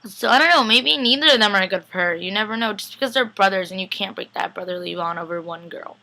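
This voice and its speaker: A young adult woman recapping a TV episode in an excited, chatty way, full of "like" and acted-out reactions. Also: medium pitch, fast talker, gravelly, poor audio. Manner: gushing, chatty, acts out lines with lots of "like". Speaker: fan vlogger recapping a TV episode.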